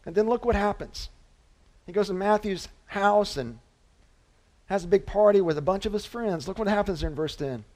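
High-voiced animated male preacher. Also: moderate pace. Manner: conversational, animated preaching with restarts and asides; swings from loud emphasis to quiet low delivery. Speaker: pastor. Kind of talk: sermon.

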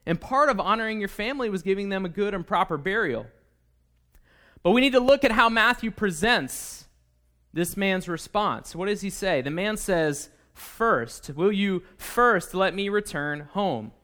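A man's voice: high-pitched, animated, moderate pace, bright, forceful tone. A man preaching a sermon in a conversational way, checking in with the listeners often. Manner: conversational, with frequent "okay?" and "right?".

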